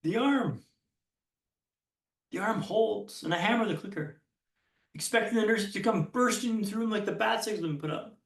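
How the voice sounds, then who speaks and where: High-voiced man telling a story on stage. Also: gravelly, a bit bright, echoey room, distant mic. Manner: punchy, dramatic pauses and repetition; self-deprecating humor. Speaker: keynote speaker. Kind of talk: storytelling keynote speech. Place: conference hall stage.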